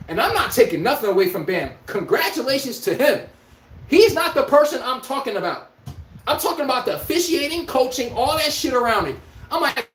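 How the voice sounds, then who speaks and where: A man's voice: extremely high pitch, big pitch swings, fairly quick, fairly bright tone, slight background noise. A man hosting a podcast, delivering a heated, profane sports rant with an incredulous tone. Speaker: podcast host. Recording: echoey room.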